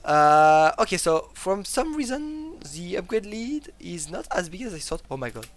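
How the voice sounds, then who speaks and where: An esports caster giving live play-by-play commentary in non-native English, excitable and prone to sudden loud exclamations. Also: mid-range voice, unhurried, soft background music. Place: broadcast booth.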